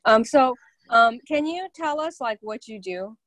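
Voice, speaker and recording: Excited lady hosting a podcast, swears a bit, dry close sound. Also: on the high side, a little slow, no room sound. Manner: gushing, enthusiastic, swears casually. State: out of breath. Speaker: podcast host. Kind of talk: casual interview chat.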